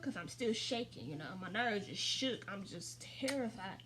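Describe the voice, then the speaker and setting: A woman's voice: medium pitch, expressive, moderate pace, a bit bright. A woman in her twenties telling a personal story in a casual, rambling way, full of fillers and calling her viewers y'all. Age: 20s. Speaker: vlogger.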